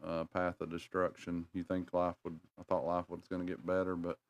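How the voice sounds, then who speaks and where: This livestream host, a middle-aged North Carolina man with a Southern accent, talks low, flat and fairly quick. There's no echo, but the recording sounds muffled, and he rambles folksily as he chats with viewers.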